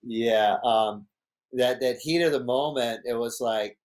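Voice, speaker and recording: A man, a podcast guest telling a story in a casual, animated way, laughing often and acting out what others said. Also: medium pitch, slow. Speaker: podcast guest, big wave surfer.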